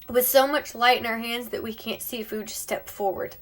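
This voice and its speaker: Woman, slightly high voice, heartfelt, encouraging, live stream from home, phone mic. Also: fairly even intonation, a little fast. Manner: heartfelt and encouraging, drops to near-whispers. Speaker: beauty vlogger. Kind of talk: emotional live-stream monologue.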